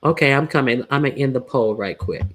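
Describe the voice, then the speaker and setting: A woman's voice: extremely low pitch, expressive, quick pace. A woman hosting a casual livestream, chatting loosely with laughing asides. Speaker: livestream host.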